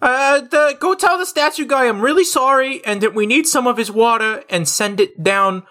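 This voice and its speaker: High, playful woman player. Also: moderate pace, a bit bright. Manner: playful, goofy.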